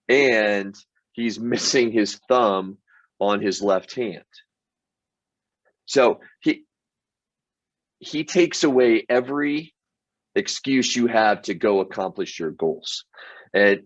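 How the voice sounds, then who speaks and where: Earnest low-voiced man telling motivational stories. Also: no room sound, dull audio. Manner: earnest, with frequent restarts and "um"s. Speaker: sales team leader and show host. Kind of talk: motivational storytelling monologue.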